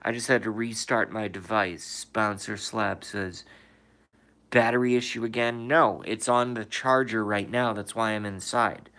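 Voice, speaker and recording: In his room, a man runs a casual livestream, reading viewer comments out loud and answering them while swearing and firing off emphatic rhetorical questions. His voice is fairly low with fairly even intonation, a measured pace and a sharp tone.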